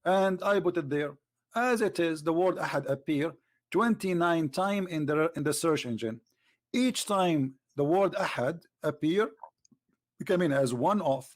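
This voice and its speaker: Mocking, higher-pitched man. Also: animated, unhurried. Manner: mocking, talks over the caller, switches to a low aside voice. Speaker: host. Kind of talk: debate with a caller.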